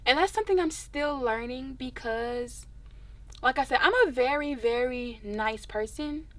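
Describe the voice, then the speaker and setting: A young woman, a singer telling stories in a casual interview, expressive and animated. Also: sits high, measured pace. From Dallas, Texas.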